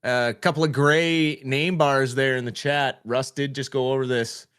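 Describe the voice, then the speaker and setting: A man giving color commentary and chat shout-outs on a fan hockey livestream, relaxed and halting with many fillers. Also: mid-range voice, smooth.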